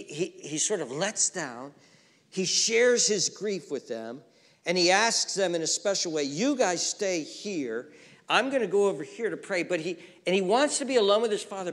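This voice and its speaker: A man pastor preaching a sermon, swinging from hushed near-whispers to raised, emphatic lines, repeating phrases as he builds. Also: sits high. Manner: repeats phrases and restarts words. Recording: long reverb from a large room.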